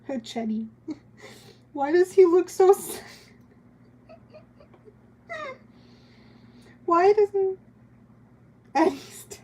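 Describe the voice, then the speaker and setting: A woman's voice: extremely high pitch, expressive, extremely slow, pauses often, a little mellow. A young woman streaming as she draws, chatting casually with a giggly, rambling manner. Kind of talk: casual chat while drawing on stream.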